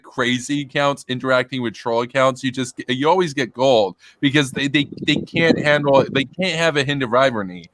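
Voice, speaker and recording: A man's voice: medium pitch, fairly bright tone, no echo. A man hosting a casual stream, retelling a story in a rambling way and laughing often. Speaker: political commentary streamer.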